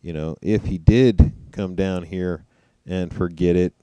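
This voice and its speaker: Deep mellow man commenting casually. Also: steady tone, unhurried, smooth, no room sound. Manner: conversational, musing, mocking imitations. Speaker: commentator reacting to trial footage. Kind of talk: casual commentary over clips.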